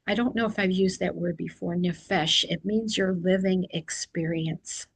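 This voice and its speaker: A woman's voice: medium pitch, no room sound, poor audio. A middle-aged woman sharing a personal devotional reflection, speaking earnestly and confessionally, sometimes poking fun at herself. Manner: earnest and confessional, often self-deprecating.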